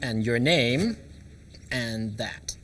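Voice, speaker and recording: A man's voice: medium pitch, animated, very slow, fairly bright tone, a little hiss or hum. A man hosting a live fan event in casual chat, playful and chuckling as he cues the next turn. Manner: playful, chuckling, cueing others.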